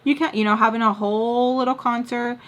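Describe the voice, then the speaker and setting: A woman's voice: on the high side, fairly even intonation, brisk, a bit bright. A young woman telling a casual storytime, chatty and full of "like", acting out her own thoughts. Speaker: storytime vlogger.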